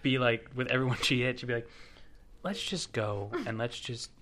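A co-host in casual chat, making deadpan jokes and telling quick anecdotes. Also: mid-range voice, background noise.

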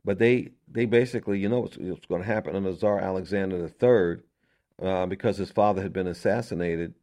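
A low-pitched man with a dark tone talks history on his radio show at a brisk clip. He lectures conversationally and with emphasis, posing rhetorical questions while frequently repeating words and starting over.

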